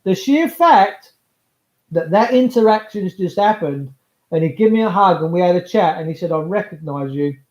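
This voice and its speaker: A man's voice: high voice, lively intonation, normal speed, a little mellow. A man, rambling chattily to viewers in a casual livestream monologue. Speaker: livestream host. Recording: roomy, slightly dull sound.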